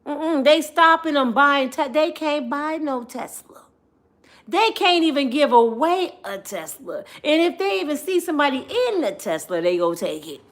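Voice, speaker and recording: A woman with a high voice that swoops up and down constantly, telling a comedic story on her vlog. Her talk is slangy and full of jokes and laughs. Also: moderate pace. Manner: animated, slangy, laughing, joking. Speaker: vlogger.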